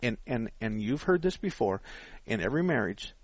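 A man's voice: mid-range voice, very animated, normal speed, no room sound. A man in his sixties hosting a call-in radio show, telling stories in casual chat, laughing often and acting out the people he quotes.

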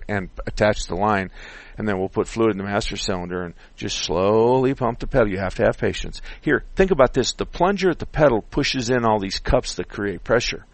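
A man's voice: fairly low pitch, no room sound. Middle-aged male radio host, seasoned mechanic, blunt and opinionated, dry studio sound. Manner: blunt, animated when opinionated. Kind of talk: call-in radio advice.

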